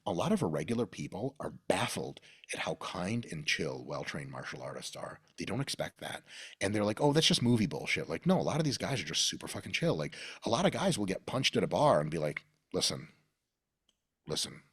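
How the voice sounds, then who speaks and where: A low-voiced man with a slightly husky tone rambles through a story, swearing freely and acting out the people in it. His pitch swings widely as he talks. The sound is dry and close. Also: very animated, brisk, dry recording. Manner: rambling, profane, acts out quoted voices. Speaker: podcast guest. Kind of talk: casual storytelling.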